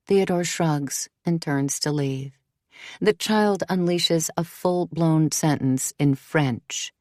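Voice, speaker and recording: This is scripted audiobook narration by a low-pitched woman whose storytelling stays even and measured. There is no room sound, and the quality is studio-grade.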